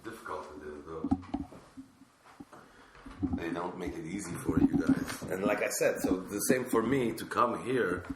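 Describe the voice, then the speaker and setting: A man with a French accent chatting as a guest comedian on a podcast, sick and hungover, with wry, low-key humor. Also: unhurried, pauses often. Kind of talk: casual podcast chat. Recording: echoey room, faint noise.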